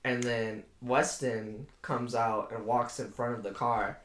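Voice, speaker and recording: Taking his time, a young man co-hosting a podcast relates a story to his friends with sarcasm and lots of cursing, laughing as he goes. His medium-pitched voice is level in tone and a bit bright, with roomy echo in the recording.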